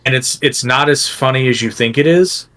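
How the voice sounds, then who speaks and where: A man's voice: medium pitch, normal speed, sharp tone. A man co-hosting a podcast in casual chat, rambling on and correcting himself as he goes.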